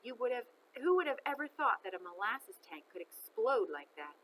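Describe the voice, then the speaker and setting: A woman's voice: fairly high pitch, very animated, moderate pace, fairly bright tone, a little hiss or hum, voice pushed up, poor audio. A woman voicing a kindly young Irish nurse who talks in a soothing, motherly way in a read-aloud storybook.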